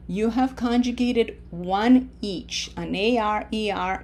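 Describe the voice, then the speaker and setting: Slow, patient woman teaching Spanish. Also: medium pitch, a little mellow, a little hiss or hum. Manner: slow, patient, drills with repetition. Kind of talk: recorded language lesson.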